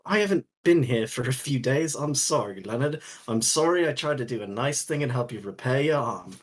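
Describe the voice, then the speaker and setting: A player playing a wry, husky-voiced man. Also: mid-range voice, animated, natural voice. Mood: wounded. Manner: wry, faux-hurt, with drawn-out phrases. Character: adult man, smooth and teasing. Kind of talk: tabletop role-play voicing.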